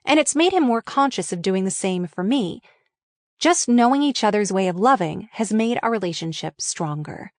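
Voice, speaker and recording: A woman's voice: mid-range voice, animated, moderate pace, no echo, studio quality. Frank, wry woman reading her memoir.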